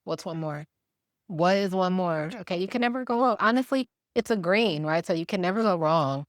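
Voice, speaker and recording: A young woman from Milwaukee chatting to her viewers while she cooks in her home kitchen, animated and laughing easily. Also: fairly low pitch, moderate pace, no room sound, studio quality. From Milwaukee, Wisconsin, USA. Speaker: cooking vlogger. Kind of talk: casual chatty cooking vlog.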